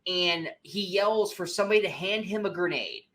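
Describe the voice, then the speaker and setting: A man co-hosting a movie review podcast, chatting casually in an animated, profane way and acting out scenes in mocking voices. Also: high-pitched, moderate pace. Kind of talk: casual chat.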